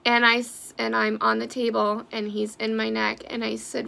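A woman's voice: fairly high pitch, flat delivery, moderate pace, creaky, few pauses, bright, forceful tone. A woman giving a blunt, heated personal vlog update who swears freely. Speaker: vlogger sharing a personal health update.

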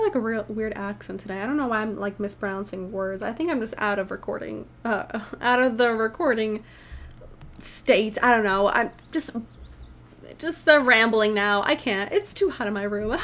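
A woman's voice: a little high, moderate pace, fairly bright tone. A young woman casually narrating a life-sim game from her room at home, chatty, rambling and upbeat, reacting aloud as she plays. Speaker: gaming channel host. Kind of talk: casual let's play commentary.

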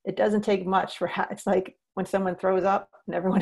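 A woman's voice: medium pitch, little pitch movement, brisk, vocal fry, hardly any pauses, darkish tone. A woman leading a teacher training session, earnestly explaining and acting out what to say to students. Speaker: social-emotional learning trainer.

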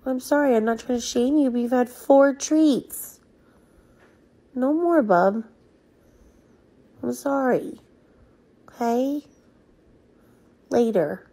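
A woman playfully and gently scolding her pet. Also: high-pitched, slow, pauses often. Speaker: pet owner. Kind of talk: talking to a pet.

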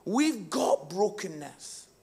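Male pastor, middle-aged, live sermon: high voice with a gravelly edge, passionate, drops to a hush then shouts. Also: sing-song, slow pace. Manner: impassioned, swinging from hushed to shouting. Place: church service, live.

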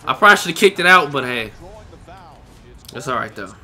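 A young man giving live commentary over his own basketball video game, reacting loudly to each play and talking to the players and his viewers. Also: mid-range voice, animated, a little fast. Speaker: gaming YouTuber.

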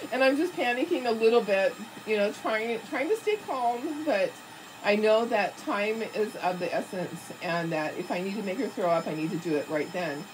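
An older woman telling a rambling story in a chatty, animated way while she paints a craft, laughing often. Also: mid-range voice, normal speed, background noise. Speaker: craft vlogger.

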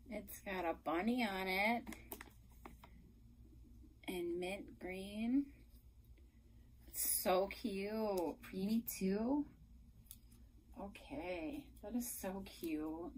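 A young adult woman gushing in a casual unboxing vlog, emotional and effusive, at times dropping to a soft whisper. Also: medium pitch, extremely slow, long pauses, slight background noise, low-quality recording. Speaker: reborn doll collector vlogger.

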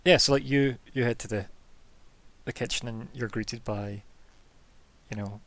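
A man's voice: mid-range voice, steady tone, measured pace, fairly bright tone. A man running a tabletop game as game master, narrating in a loose, rambling way. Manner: casual, rambling with fillers.

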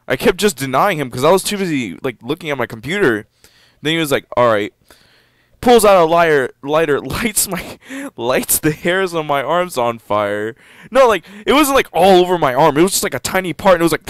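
A teenage boy casually commenting on a game he plays, given to sudden loud excited outbursts. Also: moderate pace, dry recording. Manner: excitable, jumps into loud high-pitched outbursts. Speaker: gameplay commentator. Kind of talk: casual let's-play commentary.

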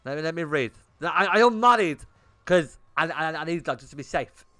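A man's voice: on the high side, animated, normal speed, pushed and bright, dry recording. A young man streaming a game, chatting bluntly with his viewers and swearing often. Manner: blunt and swearing, talking to chat in bursts. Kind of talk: casual livestream chat while gaming.

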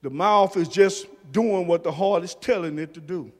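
A pastor preaching a sermon, dropping to soft low murmurs and rising to shouted emphasis. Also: male voice, moderate pace, big-room sound. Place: church sanctuary.

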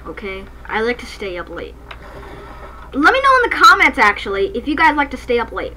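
Woman doing excitable gaming commentary late at night in a dark room, high voice, jokey, sings bits now and then. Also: a little fast, slight background noise, rough recording. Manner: excitable, jokey, breaks into snatches of song. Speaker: gaming channel host. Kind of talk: let's-play commentary.

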